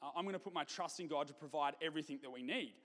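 Preacher quoting a confident faithful orphanage keeper, Australian accent, church reverb. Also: male voice, fairly high pitch, racing, fairly bright tone, natural voice. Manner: confident, trusting. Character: calm faithful man running an orphanage.

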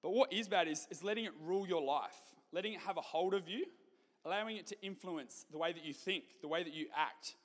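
A man's voice: high-pitched, a little fast, fairly bright tone. A man leading a youth group, giving a chatty, joking talk to students. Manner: chatty, joking, conversational with fillers. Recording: long hall reverb.

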